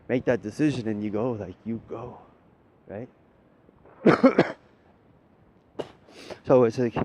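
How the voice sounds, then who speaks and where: A man of middle pitch talks through a loose, rambling spiritual monologue, checking in with "right?" after almost every point and swearing without a second thought. The recording is dull and lo-fi, with a faint rumble underneath. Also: a little mellow. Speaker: spiritual talker.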